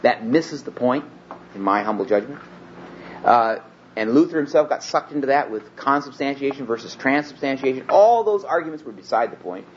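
A man teaching scripture in a sermon, earnest and emphatic, slowing down and rising in pitch when he reads the text aloud. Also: lively intonation. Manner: earnest, emphatic, slows and rises on quoted scripture. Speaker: Bible teacher. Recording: dull lo-fi recording with faint hiss.

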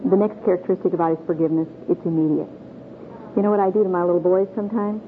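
Speaking fast in a lowish, steady voice, she leads a group Bible lesson in a meeting room with earnest, homespun warmth and questions for her listeners. She is a middle-aged woman from Michigan, captured on tinny, faintly hissing old tape that sounds like a phone.

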